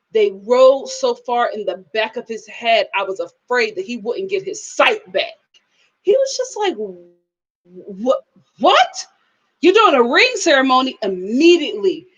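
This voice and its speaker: A woman's voice: a little high, slightly rough. A woman doing a live review of a reality TV episode, telling it dramatically and breaking into laughter.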